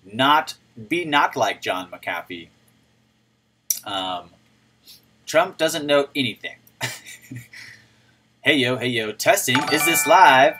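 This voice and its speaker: Excitable man who laughs and yells. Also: medium pitch, unhurried. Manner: excitable, laughs often, bursts into yelling. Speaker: crypto livestream host. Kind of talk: casual livestream chat. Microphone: microphone turned up.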